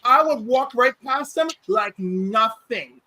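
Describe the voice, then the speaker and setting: A man hosting a livestream, telling stories in a casual, animated way and acting out quotes. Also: extremely high pitch, slow, a little hiss or hum, low-quality recording. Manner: animated, acts out quotes, many restarts. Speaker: livestream host. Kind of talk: casual storytelling chat.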